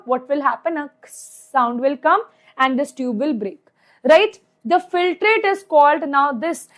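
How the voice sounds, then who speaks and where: High-voiced chatty Indian woman teacher. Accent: Indian English. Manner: chatty, repeats points, asks "right?" often, mixes in Hindi. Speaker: chemistry teacher. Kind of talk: online exam-prep lecture.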